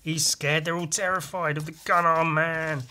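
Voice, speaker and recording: A man hosting a podcast, chatting casually and excitably, with lots of swearing and homemade sound effects. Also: fairly high pitch, normal speed. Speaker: podcast host and comic artist. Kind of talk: casual chat walking through comic pages.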